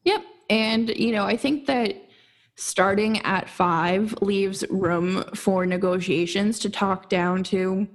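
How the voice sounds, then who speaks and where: A young woman co-hosting a casual sports podcast, chatty and quick to laugh, with lots of fillers. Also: medium pitch. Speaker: podcast co-host.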